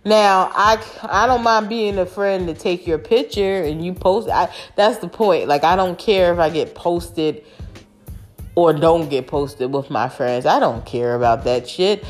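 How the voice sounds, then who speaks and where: Slow-talking emphatic woman vlogger. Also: fairly low pitch, faint music behind. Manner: emphatic, frank, swears casually. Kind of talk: casual monologue.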